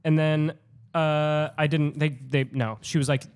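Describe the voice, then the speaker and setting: A man with a slightly high voice, telling a story on a casual podcast. He talks in a lively way and acts out other people's lines as he goes. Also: a little slow, clean tone. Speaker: podcast co-host.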